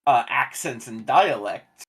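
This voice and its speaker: A man in a casual discussion, arguing his point insistently in quick bursts. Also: medium pitch, animated, gravelly, fairly bright tone, husky.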